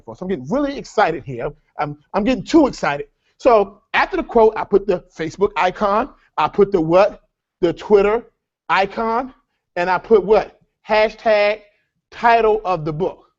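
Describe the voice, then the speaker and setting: A workshop speaker leads a live seminar, energetic and repetitive, with a preacher-like cadence as he calls the audience folks. His voice is high-pitched and the sound is lo-fi.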